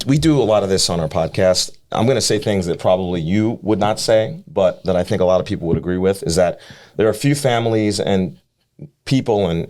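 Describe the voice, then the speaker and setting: A podcast host talks quickly in a deep voice, piling clause on clause as he praises his guest. He doubles back and restarts often in his long questions. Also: darkish tone. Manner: rambling, effusive questions with restarts. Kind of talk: casual interview chat.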